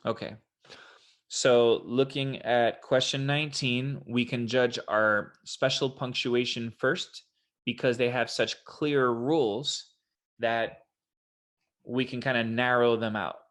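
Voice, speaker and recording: A man talking through test questions in a relaxed, conversational way, like a tutor walking a student through the answers one choice at a time. His pitch sits in a plain middle range. He is recorded on a desktop mic in a home office. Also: takes it slowly. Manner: casual, explanatory, quotes examples in a put-on voice. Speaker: SAT tutor. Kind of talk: online test prep walkthrough.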